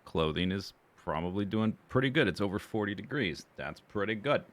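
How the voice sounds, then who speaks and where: This man streams a survival game with a lowish, animated voice that's a little fast and a bit bright. He chats casually through his gear and plans, rambling and correcting himself as he goes.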